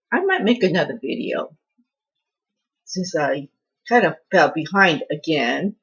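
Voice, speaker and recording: A woman's voice: low-pitched, expressive, measured pace, pauses often, breathy edge, dull audio. A woman hosting her own home cooking channel, chatting in a rambling, self-deprecating way as she walks through a recipe. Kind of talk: casual cooking vlog chat.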